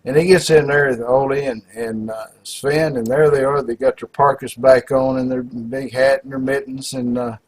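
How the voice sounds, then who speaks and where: A man's voice: mid-range voice, steady tone, normal speed, few pauses, a little mellow, low-quality recording. A man telling a long joke in a folksy, rambling way, with lots of filler words. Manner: folksy, rambling, full of "you know" and "uh". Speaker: joke teller.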